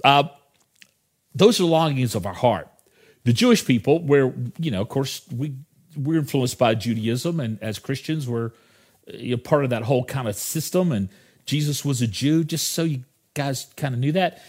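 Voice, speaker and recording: A middle-aged man preaching from the pulpit in an easygoing, conversational way. His pitch sits right in the middle for a man, and he keeps stepping aside from the point to add remarks to the congregation. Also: lively intonation, normal speed, slightly rough. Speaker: pastor. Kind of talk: sermon.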